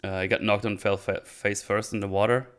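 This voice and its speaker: Male streamer, low-pitched and smooth, rambling and unhurried commentary. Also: little pitch movement, fairly bright tone. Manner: rambling, hesitant, thinks aloud. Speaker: streamer reviewing a TV show. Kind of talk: casual livestream commentary.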